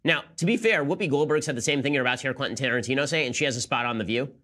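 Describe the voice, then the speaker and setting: A man's voice: mid-range voice, rapid-fire, sharp tone. A man hosting a political commentary show, talking sarcastically and with disbelief. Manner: sarcastic, incredulous. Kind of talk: rapid-fire commentary.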